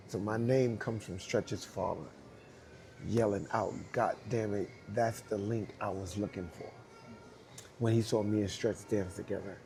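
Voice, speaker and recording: A man's voice: fairly low pitch, measured pace, soft background music. A man telling a story in an interview. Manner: animated, laughing often, acts out quoted voices. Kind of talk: storytelling anecdote.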